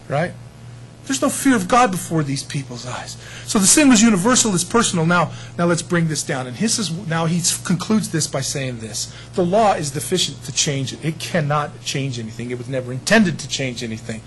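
A man preaching a sermon in an animated, conversational way, acting out short quotes. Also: fairly high pitch, moderate pace, a little hiss or hum, low-quality recording.

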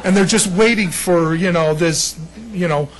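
A middle-aged American man preaching a sermon, telling personal stories in an animated way and often laughing. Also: high-pitched, moderate pace, poor audio. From United States. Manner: animated storytelling, laughs often, shifts between loud and hushed. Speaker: pastor.

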